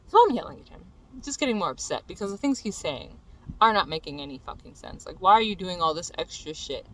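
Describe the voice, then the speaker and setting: A young adult vlogger telling a venting story in a profane, exasperated rant that builds into shouting. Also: mid-range voice, sing-song, a little fast, no room sound, low-quality recording.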